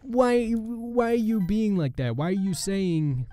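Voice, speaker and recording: A man putting on a high, whiny voice to mimic an indignant online commenter. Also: slow, warm tone, soft background music.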